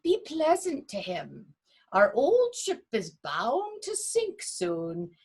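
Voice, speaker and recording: A woman voicing a wise, cautious owl in a storybook reading, whispering her advice in a hushed, urgent voice. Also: very high voice, very animated, drawn-out words, voice pushed up, exaggerated voice.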